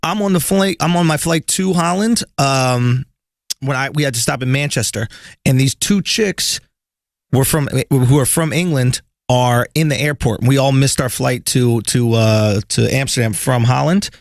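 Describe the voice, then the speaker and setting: A man's voice: medium pitch, moderate pace, creaky, dry recording, clean studio sound. A man co-hosting a podcast, bantering loosely with crude jokes and quoted stories in casual comedic chat. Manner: laid-back, profane banter with laughing asides. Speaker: podcast co-host.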